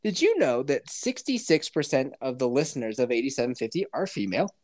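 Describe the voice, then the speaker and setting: A man's voice: medium pitch, sing-song, brisk, darkish tone. Laughing, crude young man chatting. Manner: crude joking, laughs often. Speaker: podcast host. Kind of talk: casual podcast banter.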